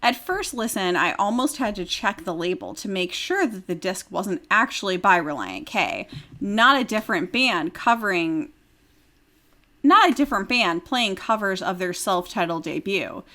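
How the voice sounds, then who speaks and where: A woman's voice: mid-range voice, very animated, normal speed, pushed and bright. Woman podcast host reading a review aloud. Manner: reads text aloud, breaks into giggles.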